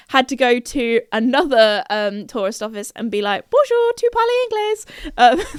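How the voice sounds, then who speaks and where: Young woman from the UK, podcast host, casual chatty storytelling, smooth clear voice, dry close sound. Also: a little high, dry recording. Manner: chatty, giggly, full of fillers and restarts. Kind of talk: casual chat.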